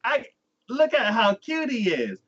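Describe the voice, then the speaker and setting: A man's voice: very high voice, wildly swooping pitch, a little slow, fairly bright tone, pitched above the performer's own voice, full character voice. A man voicing a doting old demon grandfather who gushes proudly over his grandson, in a slightly dull recording.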